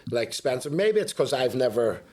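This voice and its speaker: A man, a guest on a casual podcast, telling lively stories, laughing often and swearing freely. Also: mid-range voice, normal speed. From Belfast, Northern Ireland. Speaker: guest rapper.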